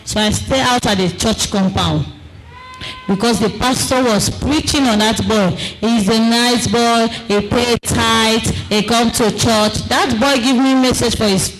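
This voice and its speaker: A woman giving a personal testimony to a congregation in an earnest, storytelling way, acting out the quoted dialogue and slowing down for emphasis. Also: fairly high pitch, fairly even intonation, soft background music, rough recording. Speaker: testifying church member.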